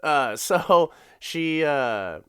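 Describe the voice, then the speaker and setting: A man's voice: a little high, lively intonation, extremely slow, a bit bright, smooth, no room sound, clean studio sound. A man hosting a comedy podcast, recapping an episode in a loose, laughing, profane style and putting on voices for the characters. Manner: laughing, swearing, acts out characters in put-on voices. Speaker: podcast host.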